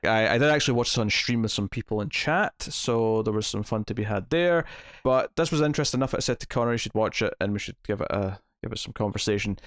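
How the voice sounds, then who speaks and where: A man's voice: on the low side, fast talker, a bit bright, no echo, studio quality. A man hosting a casual movie review podcast, rambling and correcting himself as he talks, often breaking into a laugh. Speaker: podcast host.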